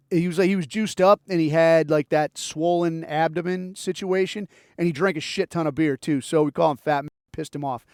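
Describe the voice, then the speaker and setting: A man hosting a podcast, telling a story in a casual, profane, animated way and acting out the quotes. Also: a little high, smooth, no echo, studio quality. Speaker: podcast host.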